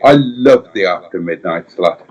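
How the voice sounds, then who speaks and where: A man's voice: deep voice, animated, a little slow, noisy background. A man co-hosting a late-night live stream, jokey, chatty and theatrical. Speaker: co-host.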